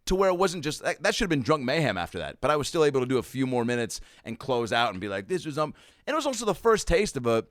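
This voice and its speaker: A man's voice: medium pitch, big pitch swings, fast, no room sound, clean studio sound. A man telling a stand-up comedy story in casual chat, acting out the quotes with big jumps in his voice. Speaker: comedian guest.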